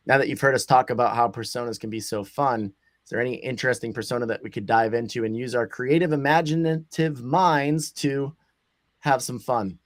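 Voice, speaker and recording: A man's voice: medium pitch, brisk, dry recording. A man hosting a casual livestream chat, talking loosely with many fillers and restarts. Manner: loose, rambling, frequent fillers. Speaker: host.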